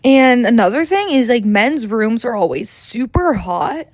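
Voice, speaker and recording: A woman's voice: a little high, big pitch swings, measured pace, a little mellow, no room sound. A young woman in her twenties hosting a comedic podcast, talking in a chatty, rambling, profane and self-mocking way. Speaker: podcast host. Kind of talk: comedic casual monologue.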